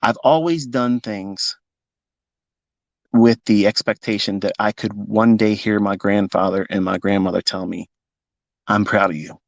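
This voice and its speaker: A man's voice: fairly low pitch, unhurried, creaky, no echo. A fifty-year-old man, a trading mentor, speaking off the cuff in a live audio talk, emotional and blunt and swearing freely. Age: 50s.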